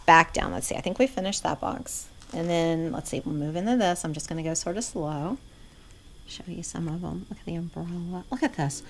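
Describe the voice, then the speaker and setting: Excited, hushed middle-aged woman vlogger. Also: fairly low pitch, fairly quick, slight background noise. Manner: excited, often dropping to a hushed near-whisper. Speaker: vintage reseller showing inventory. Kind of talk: casual vlog chat.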